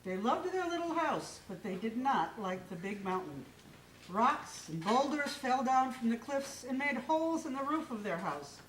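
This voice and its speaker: A woman storyteller with a fairly high voice tells a folk tale in a lively, expressive way. She is heard from far off in an echoing hall. A faint hum of ambience sits behind her. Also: moderate pace. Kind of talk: folk tale told aloud on stage. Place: live stage in a hall.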